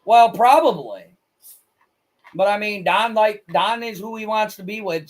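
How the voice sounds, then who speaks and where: A man chatting on a livestream, his voice sitting a little higher than most men's. He talks bluntly and crudely, and he gets excitable between asides. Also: unhurried. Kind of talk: casual livestream chat.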